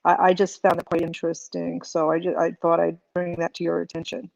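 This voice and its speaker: A woman's voice: on the low side, monotone, fairly quick, vocal fry, a little mellow, no room sound, lo-fi sound. A woman calling in to a live show, chatty and full of restarts. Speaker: caller. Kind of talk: call-in chat.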